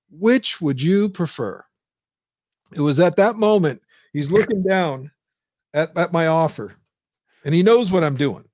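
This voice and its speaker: Animated high-voiced male storyteller. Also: no room sound, studio quality. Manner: animated storyteller, acts out quotes in a high squeal. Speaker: guest, business founder. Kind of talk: storytelling interview.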